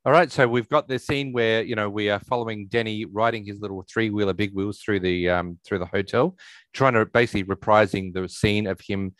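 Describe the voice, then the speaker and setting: Man, podcast co-host, lowish voice, rambling recap, dry close sound. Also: steady tone, a little fast, fairly bright tone, dry recording, low-quality recording. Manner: rambling, retelling scenes with many restarts. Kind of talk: casual movie recap chat.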